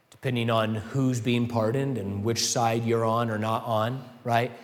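A pastor preaches a sermon in an earnest, conversational way, posing rhetorical questions. His voice is medium-pitched, with a long reverb tail.

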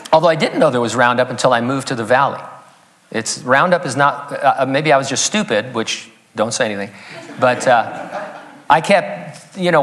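Joking pastor in a reverberant hall. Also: male voice, mid-range voice, a bit bright. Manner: joking asides, chuckles at own jokes. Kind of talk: sermon. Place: church sanctuary.

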